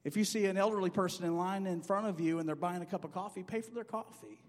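A middle-aged man preaching a sermon in a church, animated and acting out quoted dialogue in a loud voice. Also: sits high, fast. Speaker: pastor. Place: church sanctuary. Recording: long hall reverb.

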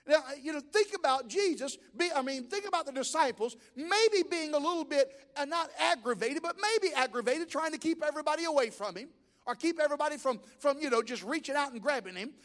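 High-voiced preacher man in a reverberant hall. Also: lively intonation, fairly quick, fairly bright tone. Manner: emphatic preaching with sudden rises and drops in pitch and volume. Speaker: pastor. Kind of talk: sermon. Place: church sanctuary.

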